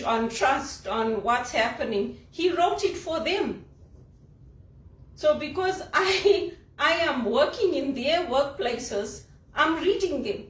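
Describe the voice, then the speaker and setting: A woman's voice: sits high, reverberant, distant mic, rough recording. A woman from Zimbabwe with a polished, elocution-trained Zimbabwean English accent, speaking in an impassioned, indignant monologue full of rhetorical questions. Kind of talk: personal monologue vlog.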